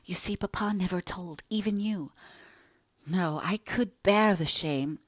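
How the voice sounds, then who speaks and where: A woman's voice: lowish voice, unhurried, no echo. A woman voicing an earnest, remorseful young woman in an audiobook, confessing in an emotional, pleading way. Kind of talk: audiobook character reading.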